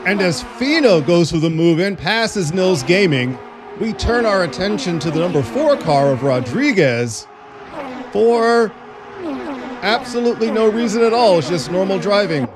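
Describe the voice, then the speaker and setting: Over loud race car engine noise, a male commentator calls sim racing play-by-play, tossing in jokey, sarcastic asides. His voice is high-pitched with lively intonation and a moderate pace.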